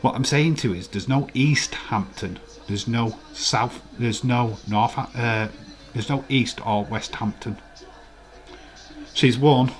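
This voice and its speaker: A Yorkshire-accented streamer from West Yorkshire hosts a casual live watch-along, trading playful, argumentative chat with his viewers. His medium-pitched voice is unhurried, with faint music in the background.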